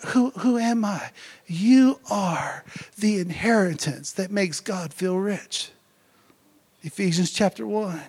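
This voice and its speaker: Man preaching with rising excitement. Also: high voice, husky. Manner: energetic, conversational, keeps asking "right?". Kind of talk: sermon.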